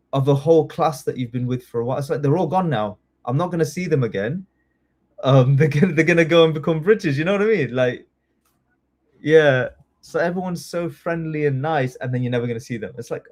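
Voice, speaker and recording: A man teaching a live online test-prep class, chatty and excitable, often apologizing as he goes. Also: fairly high pitch. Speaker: citizenship test tutor.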